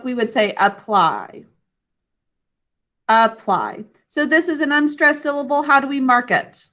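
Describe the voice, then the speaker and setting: Bright, slow-spoken woman teacher. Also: high voice. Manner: slow, clear and encouraging, sounding words out. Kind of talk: online spelling and grammar lesson. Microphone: video call.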